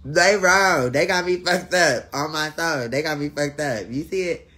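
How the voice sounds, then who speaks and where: A woman hosting a casual live stream, chatting with viewers. She laughs often, swears freely and teases in a loud, playful way. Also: sits low, measured pace.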